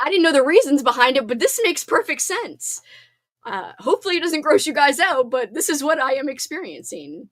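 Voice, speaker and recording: A chatty woman hosting a live stream, bubbly and quick to apologize, with a nose stuffed up from talking too long. Her voice sits a little high and breaks into laughter now and then. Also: fairly bright tone. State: congested, sniffling. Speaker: livestream host. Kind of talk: casual live-stream chat.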